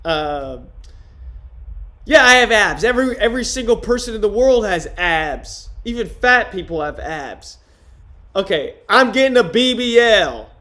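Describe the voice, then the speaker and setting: A man streaming in casual livestream chat, trying out deadpan stand-up jokes on his viewers. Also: high voice, moderate pace.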